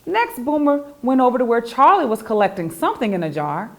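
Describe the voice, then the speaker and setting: A woman, the author, reading her children's picture book aloud in an expressive, animated storytelling voice. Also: a little high, fairly quick.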